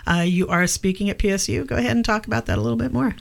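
A radio co-host with a medium-pitched voice. They trade dry, wry remarks and keep the conversation moving. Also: rapid-fire, gravelly. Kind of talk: radio interview.

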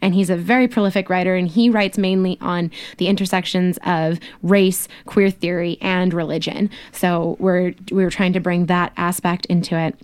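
A woman's voice: lowish voice, steady tone, normal speed, hardly any pauses, smooth. A woman organizer, a guest on a radio show, explaining a program and sometimes stumbling over her words. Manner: apologetic, tongue-tied at times. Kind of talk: radio interview.

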